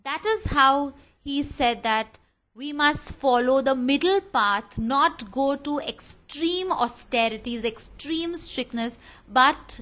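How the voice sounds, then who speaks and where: A woman's voice: high-pitched, animated, slow, sharp tone, low-quality recording. A woman teacher, explaining a history lesson patiently and speaking directly to her students.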